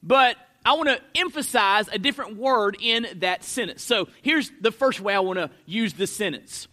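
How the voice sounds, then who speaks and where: High, bright-voiced man preaching. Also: expressive, moderate pace. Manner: emphatic, stretches key words with sudden swells in loudness. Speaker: pastor. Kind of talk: expository sermon.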